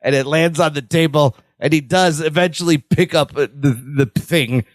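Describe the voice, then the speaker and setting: A man's voice: a little high, normal speed, no room sound. A man co-hosting a podcast, chatting casually as he recaps a sitcom scene and acts out its lines. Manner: animated, retells scenes with quoted lines. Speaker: podcast co-host.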